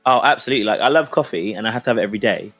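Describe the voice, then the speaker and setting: Fast-talking enthusiastic young man. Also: fairly low pitch, animated, a bit bright, no room sound, soft background music. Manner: quick, chatty, enthusiastic. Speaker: podcast co-host. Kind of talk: casual chat.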